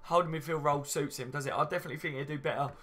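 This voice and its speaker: A man's voice: fairly high pitch, steady tone, rapid-fire, pushed and bright. A man hosting a casual live stream, chatting and reading out viewer comments with easy banter. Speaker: fan channel host.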